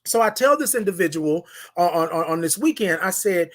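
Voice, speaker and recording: A man's voice: high voice, lively intonation, moderate pace. A man hosting a morning show, giving a motivational talk in a slangy, preachy manner, calling out listeners by name and repeating phrases for emphasis. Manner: preachy, hype, talks straight to listeners by name; slangy, informal.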